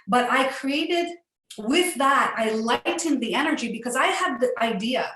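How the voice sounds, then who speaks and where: A woman's voice: high-pitched, animated, measured pace, fairly bright tone. A middle-aged woman telling a personal story in an earnest, upbeat way, laughing often. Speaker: facilitator. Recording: echoey room.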